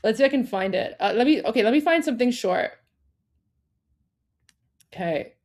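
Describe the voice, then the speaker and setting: A woman's voice: on the high side, lively intonation, moderate pace, long pauses, a little mellow. Chatty woman hosting a livestream. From Iran. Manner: chatty, with many fillers and restarts, laughing often. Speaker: livestream co-host. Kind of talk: casual livestream chat.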